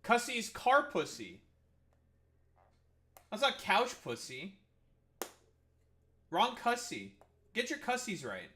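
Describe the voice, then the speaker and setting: A man's voice: sits high, wildly swooping pitch, slow, pauses often, pushed and bright, a little hiss or hum. A man hosting a livestream, trash-talking and teasing his chat in a mocking way. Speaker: livestream host.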